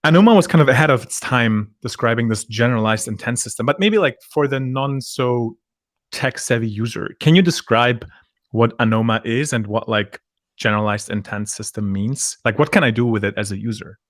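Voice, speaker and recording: A man's voice: mid-range voice, fairly quick, dry recording. Man hosting a podcast, dry sound. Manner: conversational, hesitant questioning. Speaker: podcast host. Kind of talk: casual interview chat.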